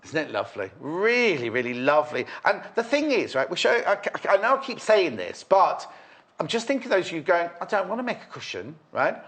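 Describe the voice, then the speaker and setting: A man's voice: fairly high pitch, big pitch swings, brisk, a bit bright. A man presenting a live shopping show, gushing over products and bantering with his guest. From Merseyside, England. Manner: gushing, repeats himself, teasing banter. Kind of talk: chatty live sales presenting.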